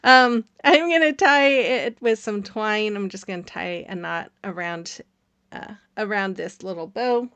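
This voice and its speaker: A woman's voice: medium pitch, unhurried, a bit bright, no echo. A woman hosting a craft channel, narrating her project in a casual, rambling voice-over with many fillers and frequent laughs.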